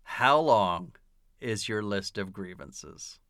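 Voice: deep voice, expressive, a bit bright, smooth, no room sound, studio quality. A podcast co-host who mostly laughs and drops in amused, brief remarks. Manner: laughing, slow, amused interjections. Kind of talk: casual movie review chat.

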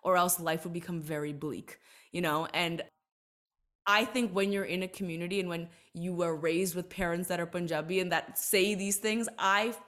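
Earnest woman guest, lowish voice. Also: steady tone, fairly bright tone. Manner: earnest, reflective, quick to emphasize. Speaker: guest, entertainer and author. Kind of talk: podcast interview conversation.

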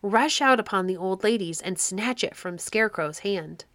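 A woman voicing a mischievous young male trickster, urging in a hushed hurry. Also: medium pitch, animated, normal speed, no room sound, natural voice. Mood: urgent. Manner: urgent, hushed.

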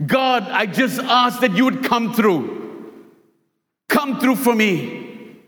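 Loud, high old believer woman, put on by a male preacher in a sermon retelling, echoing hall. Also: expressive, takes it slowly. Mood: pleading. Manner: shouting exuberant praise. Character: poor old woman praying loudly in faith.

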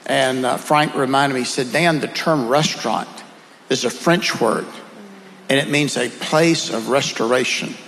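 A man's voice: mid-range voice, unhurried, a bit bright, big-room sound, slight background noise, rough recording. A man with a Southern accent, telling earnest, folksy stories as a guest in a conversation. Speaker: guest speaker. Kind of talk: conversational storytelling.

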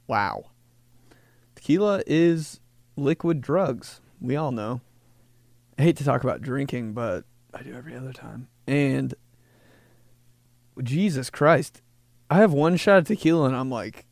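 A man hosting a podcast, joking through a rambling casual monologue and slipping into quick voices for people. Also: medium pitch, gravelly, no room sound. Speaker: podcast host.

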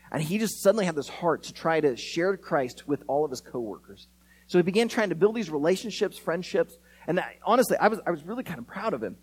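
A pastor delivers a sermon in an animated, expressive way, acting out the people in his stories. His voice sits high for a man and swings widely in pitch. It has a slightly husky grain. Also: poor audio. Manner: animated, acts out quoted voices.

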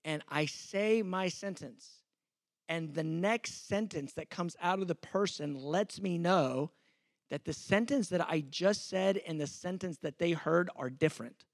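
A man's voice: on the high side, unhurried, no room sound, studio quality. A man in his fifties, a pastor, teaching a sermon in a conversational, self-deprecating way, acting out the exchanges he quotes.

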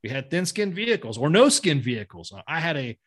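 A man's voice: on the high side, very animated, fairly quick, fairly bright tone. Blunt, profane middle-aged male veteran. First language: not English. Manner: blunt, profane, rambling with many restarts. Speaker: guest, army veteran. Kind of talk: casual storytelling.

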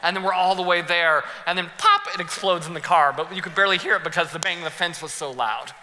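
A young male pastor preaches, spinning animated stories and acting out every scene. His voice rides a little high and sounds strikingly bright and sharp. It rings through a large church hall with long reverb trailing after it. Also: quick pace. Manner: animated, laughing storyteller who acts out scenes. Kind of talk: sermon with personal storytelling.

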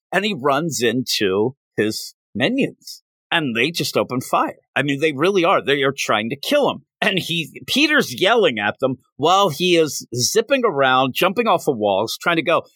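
A man hosts a podcast and recaps a comic book storyline in casual talk. His voice is bright and swings up and down a lot as he acts out the quotes. The recording is close and dry. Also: a little high, normal speed, no echo. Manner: animated storytelling, acts out quotes, laughs often. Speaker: podcast host.

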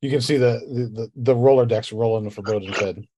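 A man's voice: mid-range voice, a little fast, crowd noise. A man narrating as game master of a tabletop game, in loose, rambling narration full of restarts.

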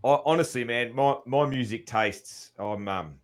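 A man hosting a podcast, chatting with his guest in an easygoing, halting way. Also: mid-range voice. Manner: easygoing, friendly, halting with fillers. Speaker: podcast host. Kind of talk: casual interview chat.

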